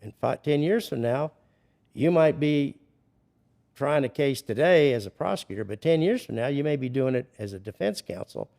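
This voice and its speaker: Seasoned male trial lawyer, older, gravelly voice, makes his point firmly. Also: mid-range voice, expressive, normal speed, a little mellow. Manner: emphatic, explains with examples. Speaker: veteran criminal defense attorney. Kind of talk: casual podcast conversation.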